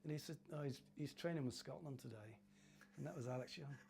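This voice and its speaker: An older man from Cornwall recalls his playing days in a relaxed interview. His voice sits a touch high for a man, and he laughs easily while mimicking the people in his anecdotes. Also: fast, gravelly, a little hiss or hum. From Cornwall, England. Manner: chatty, laughing, acts out voices in his stories. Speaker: former footballer, interview guest.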